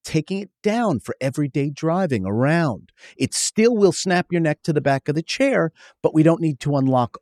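A man as an interview guest, eagerly explaining in quick lists and acting out stories from his shop. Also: on the high side, animated, darkish tone, dry recording, clean studio sound. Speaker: guest, company founder. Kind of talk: interview conversation.

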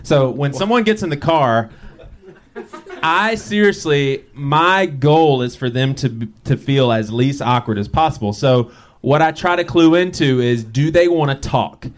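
Man, casual podcast chat, storytelling, animated quoting. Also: medium pitch, a little slow. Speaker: podcast co-host.

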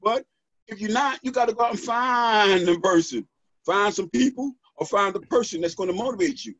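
A middle-aged man with a high, husky voice gives an animated, preacherly pep talk as a podcast guest. He keeps tagging his points with "right?". The sound is dull and lo-fi with a dry, close feel. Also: moderate pace, no echo. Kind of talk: motivational podcast conversation.

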